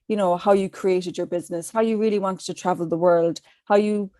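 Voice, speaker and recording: A woman's voice: lowish voice, fairly even intonation, brisk, warm tone, no room sound. Irish-born woman asking rambling questions. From Ireland. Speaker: guest interviewer. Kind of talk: casual podcast chat.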